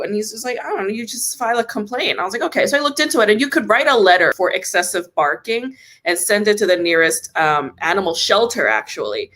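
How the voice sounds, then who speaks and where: A young woman telling a comic story in a casual, exasperated rant, swearing and jumping up in pitch when indignant. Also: lively intonation, quick pace, few pauses, a bit bright. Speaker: comedy podcast host.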